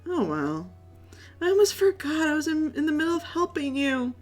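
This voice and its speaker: A woman's voice: high-pitched, very animated, normal speed, darkish tone, faint music behind, voice pushed up. A woman voicing a flamboyant, overly polite young male hunter in a video game, with a chirpy, courtly manner.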